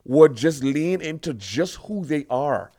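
Bahamian man, podcast host, casual chat, lively up-and-down pitch, dry close sound. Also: slow, no room sound. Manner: animated, rambling, frequent restarts and shout-outs.

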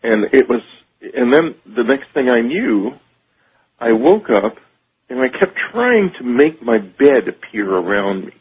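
A man telling a radio host about a personal experience, halting and searching for words. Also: mid-range voice, big pitch swings, slightly rough. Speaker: radio show guest. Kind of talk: phone-in interview, personal account. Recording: tinny phone line on radio.

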